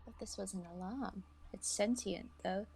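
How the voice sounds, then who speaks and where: A woman's voice: medium pitch, normal speed, vocal fry, a little mellow, slightly rough. A woman playing a tabletop game, polite and speaking in character. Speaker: player. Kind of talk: casual tabletop role-play.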